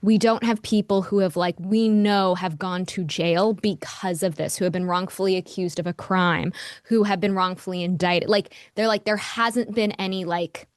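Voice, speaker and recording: A woman's voice: mid-range voice, steady tone, normal speed, no echo. Woman podcaster, casual and fired up, blunt, dry close sound. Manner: heated, frank, swears, lots of "like". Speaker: podcast host. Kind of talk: casual monologue.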